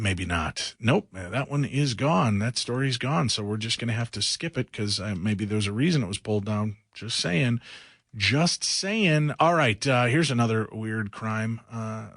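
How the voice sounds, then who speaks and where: Husky-voiced male radio host. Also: mid-range voice, dry recording, studio quality. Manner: jokey, reads news stories aloud and riffs on them. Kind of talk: casual talk radio chat.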